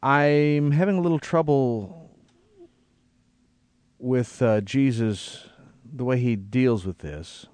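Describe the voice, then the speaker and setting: A man's voice: mid-range voice, slow pace, pauses often, a little mellow, no room sound. A man reading scripture aloud and reflecting on it in a conversational Bible study. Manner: reads scripture aloud, then reflects thoughtfully.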